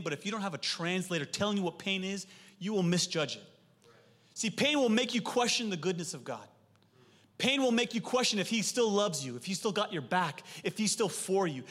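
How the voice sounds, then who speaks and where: Man, pastor, thirties, high voice, animated sermon storytelling, audience call-outs, long hall reverb. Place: church hall.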